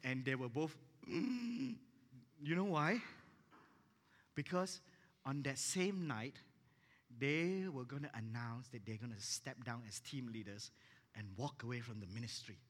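A man pastor telling a story in a sermon, acting out the dialogue with lively energy. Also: mid-range voice, a little slow. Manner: animated, acts out dialogue in his stories. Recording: echoey hall reverb.

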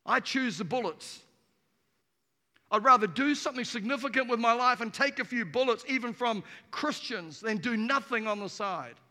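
A man preaching an energetic sermon to a congregation in a church auditorium, emphatic and playful. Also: very high-pitched, normal speed. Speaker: pastor. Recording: reverberant hall.

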